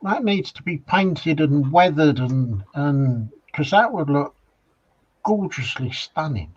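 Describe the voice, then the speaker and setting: Husky man on a muffled line. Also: a little high, expressive, slow pace. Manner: enthusiastic, warmly admiring. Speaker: co-host. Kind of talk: casual chat.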